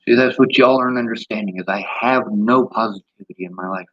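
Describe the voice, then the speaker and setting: Holding his phone camera, this man walks through his cramped, messy apartment while ranting with blunt, aggrieved profanity. His fairly low voice moves at a quick clip and has a slightly bright edge. The audio is a dull, lo-fi phone capture.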